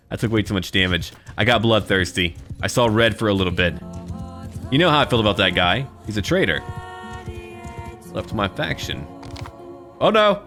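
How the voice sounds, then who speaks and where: A man's voice: fairly low pitch, sharp tone. A man giving casual let's-play commentary, chatty and playful, thinking aloud as he plays. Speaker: gameplay commentator.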